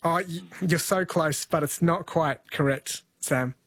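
Chatty radio host, dry studio sound. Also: male voice, a little high, no echo. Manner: chatty, friendly, spells words out slowly. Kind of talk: late-night radio quiz chat. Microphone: studio mic.

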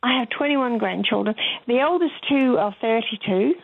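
A woman's voice: on the high side, moderate pace, creaky, slightly rough, dry recording. An older woman, calling in to a radio show and telling a rambling, chatty story. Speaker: caller. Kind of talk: phone-in chat. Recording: tinny phone line.

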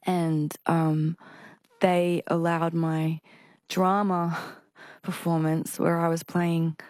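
Low-voiced woman with a stutter. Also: flat delivery, a little mellow, dry recording. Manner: halting speech with repeated restarts and a stutter. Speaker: singer and performer, interview guest. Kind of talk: casual interview conversation.

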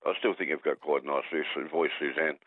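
Australian bloke calling radio, jokey and rambling, quick talker, phone-line sound. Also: male voice, very deep voice, steady tone, dry recording. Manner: rambling, jokey, stumbles over words. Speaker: caller. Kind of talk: rambling talkback phone call.

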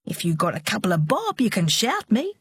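A woman's voice: mid-range voice, huge pitch swings, a little fast, breathy edge, no room sound, full character voice. A woman doing a cocky, brash young lout. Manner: brash, offhand slangy banter. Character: young working-class man, cocky, rude and shy.

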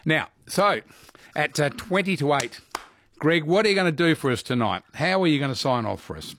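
Animated radio host, lively pitch. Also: male voice, normal speed, slight background noise. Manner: animated, chatty, laughs often. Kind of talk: live radio quiz banter.

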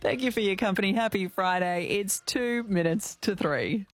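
A cheery woman signs off her radio show in a bright, friendly delivery. Music plays clearly underneath her voice. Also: medium pitch, moderate pace. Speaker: radio host. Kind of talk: radio sign-off.

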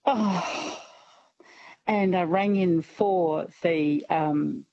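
A woman in her late fifties calls a radio show, hesitant and self-deprecating. She speaks slowly in a lowish voice. The muffled phone line sounds dry. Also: warm tone. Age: late 50s. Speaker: radio caller.

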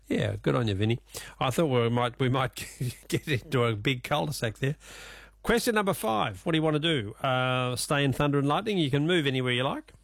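Aussie guy running a radio quiz, bouncy voice, a bit gravelly, teases callers and laughs heaps. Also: mid-range voice, lively intonation, moderate pace, no room sound, clean studio sound. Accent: Australian. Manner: jokey, laughs often, teasing callers.

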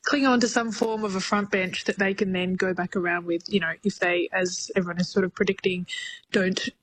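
A woman's voice: medium pitch, steady tone, fairly quick, breathy edge, low-quality recording. An Australian woman, a political correspondent, giving thoughtful analysis in a radio interview with frequent "you know"s.

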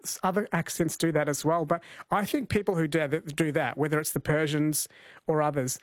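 A man hosting a radio show, chatting casually with a caller, laughing easily and reading quiz questions slowly. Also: fairly high pitch, fairly even intonation, no echo. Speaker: radio host running a quiz.

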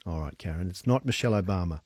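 A man's voice: sits low, expressive, very fast, darkish tone, breathy edge, no room sound. Aussie guy hosting a radio quiz, upbeat and chatty, dry close studio sound. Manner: chatty, upbeat, laughs often.

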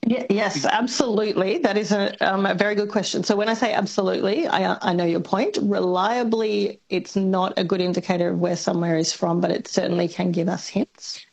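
An Australian woman, a linguist, explaining on a radio talk show in a measured way with many pauses and fillers. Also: medium pitch, fairly even intonation, creaky, darkish tone, breathy edge, poor audio. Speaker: linguist guest.

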